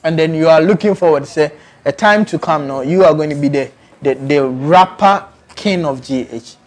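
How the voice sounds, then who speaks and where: A man's voice: on the high side, moderate pace. A man interviewing a guest, asking short questions and giving brief prompts. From Ghana.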